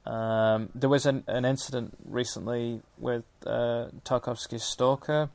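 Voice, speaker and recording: Male film historian, gravelly and level, dry close sound, careful detailed talker. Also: medium pitch, fairly even intonation, a little mellow, no echo. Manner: measured, detailed, with many restarts and fillers. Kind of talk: conversational discussion.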